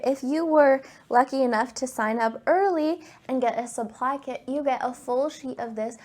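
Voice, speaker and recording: A woman's voice: a little high, a little mellow. An upbeat woman teaching a crafting class, welcoming viewers and walking through supplies. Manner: upbeat, enthusiastic. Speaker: craft instructor. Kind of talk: class tutorial.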